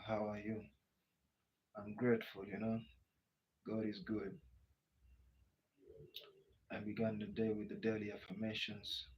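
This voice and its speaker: A Kenyan man with a Kenyan English accent hosting a casual live Q&A, reading out viewer comments and answering them in a chatty way. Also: fairly low pitch. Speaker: livestream host. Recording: muffled lo-fi audio with faint background noise.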